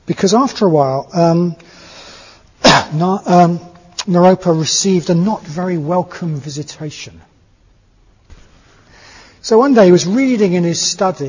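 A man's voice: on the high side, darkish tone, breathy edge. A man giving a Buddhist dharma talk, telling a story in a conversational, hesitant way with many filler sounds. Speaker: Buddhist teacher. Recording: echoey hall, dull lo-fi sound.

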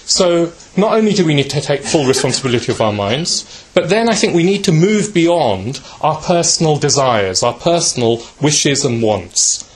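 A man giving a reflective spiritual talk, telling a story gently and unhurriedly, with many fillers and a habit of asking "yeah?", and shifting his pitch to voice the people in it. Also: sing-song, normal speed, few pauses.

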